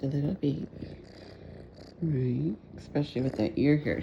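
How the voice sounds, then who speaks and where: A middle-aged woman, a mother, chatting casually at home in a vlog and cooing softly to a kitten, often half-whispered. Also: sits low, normal speed, gravelly, long pauses, lo-fi sound, background noise. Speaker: mother and cat owner. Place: family home indoors.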